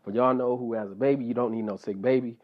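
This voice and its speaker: A man hosting his own podcast, talking casually on his own, stuffed up and a little out of breath, repeating himself and filling pauses with "like" and "you know". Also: mid-range voice, steady tone, narrow, tinny audio. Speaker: podcast host. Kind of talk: casual solo podcast monologue.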